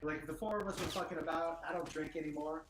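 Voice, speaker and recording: A man's voice: a little high, steady tone, fast. A man chatting loosely and rambling, swearing casually while gaming with friends. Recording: roomy with gunfire and crowd behind.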